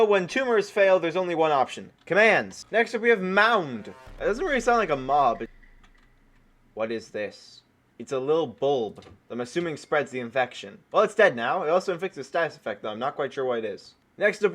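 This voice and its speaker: A man giving excited gameplay commentary as a gaming YouTuber, excitable and often yelping in surprise. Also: fairly high pitch.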